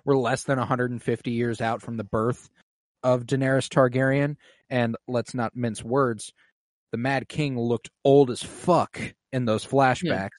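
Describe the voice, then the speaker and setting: A man's voice: mid-range voice, steady tone, a little slow, no echo. Male podcast co-host, casual and emotional episode recap, dry close sound. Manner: emotional, swears casually, says "like" often.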